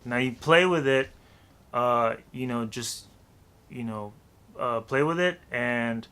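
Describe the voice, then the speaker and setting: Slow-talking man teaching rap rhythm. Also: medium pitch, bright, forceful tone, clear, resonant tone. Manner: counts beats aloud and scats rhythms, loose and chatty. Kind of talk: casual music lesson.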